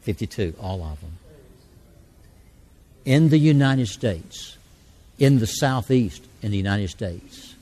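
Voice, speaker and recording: A man's voice: fairly low pitch, warm tone. A man giving an earnest, folksy sermon in a church service, leading a prayer and telling mission stories. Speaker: church speaker.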